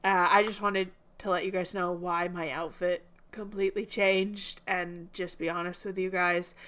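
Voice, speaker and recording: A woman's voice: fairly low pitch, little pitch movement, normal speed, a bit bright. A young woman hosting a movie reaction, chatting casually to her viewers in a slightly subdued way.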